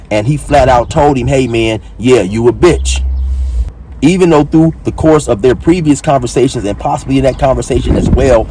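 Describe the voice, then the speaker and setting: Dude doing commentary on a clip, blunt, cussing, kinda mellow dark voice. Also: male voice, medium pitch. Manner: blunt, mocking, profane storytelling. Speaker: commentary channel host. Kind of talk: casual commentary on a video clip.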